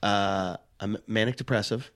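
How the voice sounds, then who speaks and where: A man's voice: fairly low pitch, steady tone, moderate pace, a bit bright. A middle-aged man, a touring comic, telling rambling self-mocking stories in casual chat and acting out the people he quotes. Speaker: touring stand-up comic, podcast guest.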